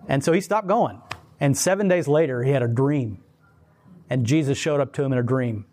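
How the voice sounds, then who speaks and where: A man's voice: mid-range voice, normal speed. A man hosting a casual chat, telling stories in an emphatic, rambling way. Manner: emphatic, rambling, animated storyteller.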